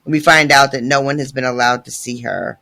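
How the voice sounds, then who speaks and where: A man hosting a casual podcast chat about a book, animated, dramatic and profane as he talks through each chapter. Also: mid-range voice, a little fast, gravelly. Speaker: podcast host.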